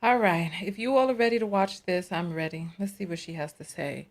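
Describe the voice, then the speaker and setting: A woman's voice: lowish voice, a little fast. A woman hosting a live reaction stream, chatting with her viewers and voicing her disbelief. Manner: chatty, talks to viewers as y'all, incredulous.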